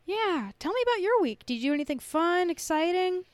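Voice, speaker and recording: A woman hosting a podcast in casual chat, bubbly and chatty, quick to laugh. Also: very high-pitched, sing-song, no echo. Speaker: podcast host.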